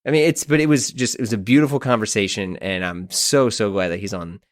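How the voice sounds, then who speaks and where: A man in his thirties hosting a podcast, telling a story in an animated, exasperated, self-mocking way. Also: lowish voice, brisk, no room sound, studio quality. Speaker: podcast host. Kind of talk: casual storytelling monologue.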